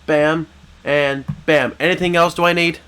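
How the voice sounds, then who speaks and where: A man's voice: a little high, fairly even intonation, a little slow, sharp tone, clear, resonant tone. A young man playing a video game with a friend, chatting casually, hesitant with many fillers. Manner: hesitant, filler-heavy, says bam a lot. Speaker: gamer. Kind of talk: casual gaming chat.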